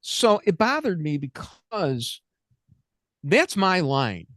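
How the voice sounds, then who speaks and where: A man's voice: high voice, big pitch swings, slow pace, a bit bright, no room sound. A man in his sixties hosting a comedic political talk radio show, rambling and joking as he talks. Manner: rambling, joking, self-interrupting. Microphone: studio mic.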